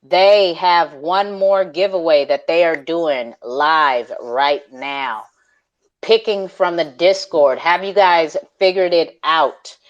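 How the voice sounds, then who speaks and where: A man's voice: fairly high pitch, slow pace, dull audio. A man hosting a live online audio call, talking in hyped, slangy casual chat, laughing often and swearing freely. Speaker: host.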